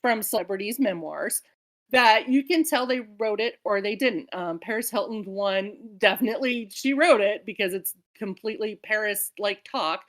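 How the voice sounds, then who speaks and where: A woman's voice: medium pitch, moderate pace. An American woman co-hosting a book club, talking in a rambling, chatty way that jumps between tangents. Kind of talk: casual chat.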